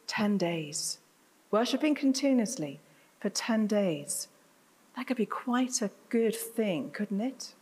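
A woman preaching a sermon to her congregation, chatty, with self-deprecating asides. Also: on the high side. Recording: reverberant hall.

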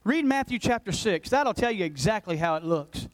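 A man in his forties, a pastor preaching a passionate sermon that swings between loud urgency and hushed intensity. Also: sits high, lively intonation, normal speed, low-quality recording. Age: 40s. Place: church sanctuary.

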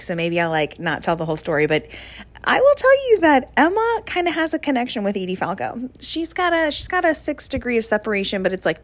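A young woman hosting a casual solo podcast, chatty and gushing with lots of fillers. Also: mid-range voice. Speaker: podcast host.

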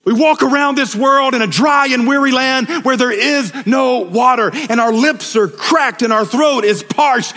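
A man with a high voice preaches with fervor, sliding from soft, hushed lines to loud cries. His voice rings out with a long reverb from a large hall. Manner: impassioned, swings between hushed and shouted. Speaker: pastor. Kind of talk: sermon.

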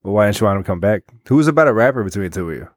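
A man teasing his co-hosts with quick interjections in casual podcast banter. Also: lowish voice, lively intonation, no echo, clean studio sound. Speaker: podcast co-host.

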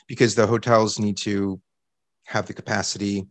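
Hesitant low-voiced man on a podcast. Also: little pitch movement, moderate pace, dry recording. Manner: hesitant, restarts and repeats while working out a point. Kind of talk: casual podcast discussion.

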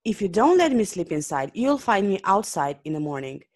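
A quirky wandering man speaks calmly and insists gently on helping, voiced by a woman reading aloud. His voice rises and falls with expression. It is a plain storybook reading voice. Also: medium pitch, fairly quick. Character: calm, quirky wandering man offering help.

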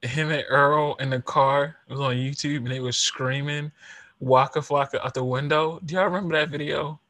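A man hosting a podcast in casual chat, telling animated stories with slang and laughter. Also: a little high, moderate pace, no echo. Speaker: podcast host.

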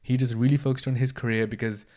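A man hosting his own podcast in a casual solo monologue, blunt and energetic, swearing freely. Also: mid-range voice, quick pace. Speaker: podcast host, entrepreneur.

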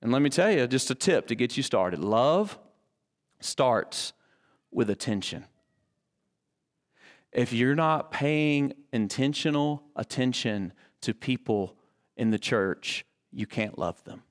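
A man preaching a sermon as pastor, reading scripture with a lifted voice and dropping low and quiet to drive his points home. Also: lively intonation, slow. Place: church sanctuary. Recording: long reverb of a large church hall.

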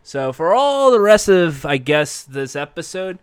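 Male recap commentator, animated and sarcastic, swears freely, dry close sound. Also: on the high side, unhurried, clean tone, no echo. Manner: sarcastic, profane, rambling.

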